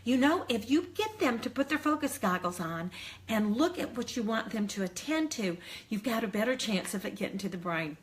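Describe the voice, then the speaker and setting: An older woman, an early childhood educator, giving friendly, encouraging classroom tips between slow, singsong chant demonstrations. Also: fairly high pitch, animated. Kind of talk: teacher training demonstration.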